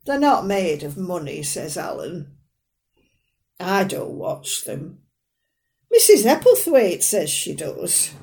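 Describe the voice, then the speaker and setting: In a dramatic monologue, a woman plays an elderly northern mother who is fussy, proud and sharp-tongued, speaking in a dry, plain way. Her pitch sits in the middle.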